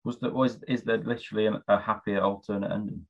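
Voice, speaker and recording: Low-voiced man, quick questions. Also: steady tone, highs cut off. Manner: brief curious questions and interjections. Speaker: podcast co-host. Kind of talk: casual chat.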